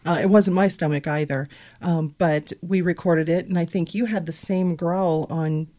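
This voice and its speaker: A woman's voice: lowish voice, steady tone, normal speed, dark tone. A woman co-hosting casual radio talk, recounting events in a plain, hesitant way with fillers. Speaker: paranormal investigator co-host.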